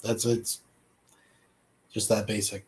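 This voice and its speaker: A man's voice: lowish voice, little pitch movement, slow, darkish tone. A man from Canada hosting a live stream, commenting bluntly and talking straight to his viewers.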